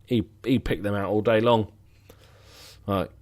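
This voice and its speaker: A man with a fairly low voice talks through a football management match. He mutters dry, sarcastic asides and casual commentary as the game plays. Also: fairly even intonation, a little slow, darkish tone. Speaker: gaming commentator.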